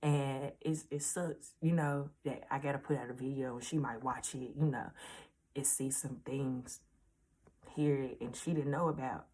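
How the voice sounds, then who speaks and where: A woman's voice: very deep voice, steady tone, normal speed, warm tone, breathy edge. A 19-year-old woman speaking earnestly and casually to her viewers in a heartfelt storytime vlog, repeating reassurances. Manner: casual slangy speech. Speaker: vlogger.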